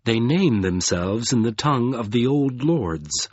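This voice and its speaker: A man voicing a careful, solemn male giant in an audiobook, measured and even. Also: mid-range voice, slightly rough, dry recording, lo-fi sound. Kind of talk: audiobook character voice.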